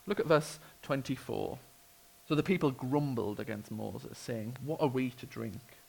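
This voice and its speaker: A man's voice: mid-range voice, measured pace, creaky, slightly rough, low-quality recording. A British man preaching a sermon, telling the story with expression and wry humour. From United Kingdom.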